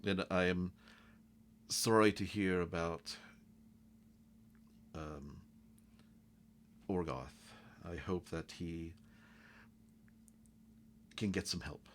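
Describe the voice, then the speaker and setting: A man voicing a stern ruling official who speaks in measured, formal commands. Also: low-pitched, steady tone, a little hiss or hum.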